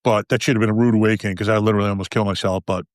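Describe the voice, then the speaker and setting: Blunt, low-voiced man telling his story. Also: fairly even intonation, very fast, no echo. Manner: blunt, profane, emotional. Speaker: podcast guest, retired police officer. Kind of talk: candid conversational storytelling.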